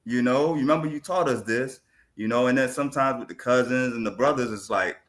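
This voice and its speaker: Bright-voiced animated Jamaican man. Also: mid-range voice, brisk. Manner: animated storytelling, acts out family conversations, laughs often. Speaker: podcast guest. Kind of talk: casual chat.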